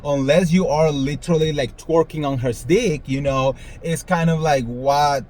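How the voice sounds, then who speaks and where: Brief: male gossip host, animated and theatrical, swears, faint noise floor. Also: fairly high pitch, moderate pace, poor audio. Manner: animated, sassy, swears freely, dramatic voice swings. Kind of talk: casual commentary monologue.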